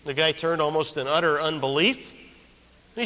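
A man's voice: a little high, expressive, unhurried, long pauses, sharp tone. A man preaching a sermon, emphatic and repeating key phrases, telling stories with quoted characters. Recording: long hall reverb.

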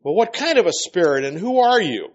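A man voicing a fervent male exorcist who shouts urgent commands, on a dull lo-fi recording. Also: sits high, lively intonation, a little fast, breathy edge, pitched above the performer's own voice. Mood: commanding.

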